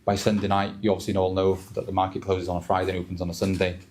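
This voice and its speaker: A man's voice: deep voice, completely flat delivery, rapid-fire, darkish tone, slight background noise. A man in his thirties, a father and trader, talking candidly and emotionally on stage at a live event. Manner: candid, emotional, repeats words. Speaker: trader speaking on a panel. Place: event hall with an audience.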